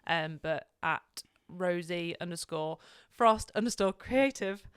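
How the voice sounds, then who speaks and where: A young English woman chatting as a podcast guest, her voice smooth and resonant. The sound is close and dry, and she talks in an easygoing way with hesitant fillers. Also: on the low side, slow pace, no room sound. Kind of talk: casual chat.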